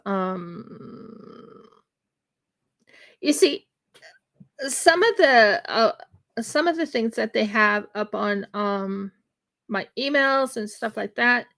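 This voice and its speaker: Woman, craft livestream host, casual rambling chat, halting fillers, gravelly, unhurried. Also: on the high side, fairly bright tone. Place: home in winter.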